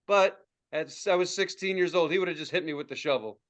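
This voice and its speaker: A young adult man, a podcast co-host, telling a story in casual chat, swearing freely and acting out quotes in high yelps. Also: fairly quick. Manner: profane, animated, acts out quotes in high yelps.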